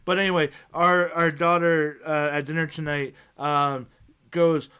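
A man's voice: a little high, normal speed, clean tone. A young man co-hosting a podcast, telling family anecdotes and acting out the quotes. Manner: animated, joking storytelling that acts out quotes. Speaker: podcast co-host. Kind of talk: casual chat.

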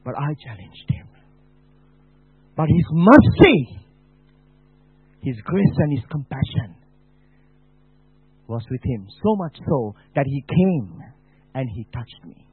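Male preacher, testimony sermon, slow and dramatic, husky, lively pitch, thin phone-like sound. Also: no room sound. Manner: slow, dramatic, swings from hushed to shouting.

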